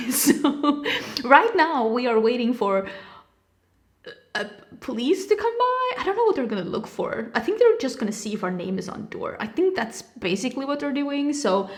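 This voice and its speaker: A woman's voice: sits high, big pitch swings, moderate pace. A young woman from Sweden, a native Swedish speaker, chatting in a casual vlog and telling a story with sarcastic asides and mimicked dialogue, recorded indoors at home. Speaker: vlogger. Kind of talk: casual get-ready-with-me chat.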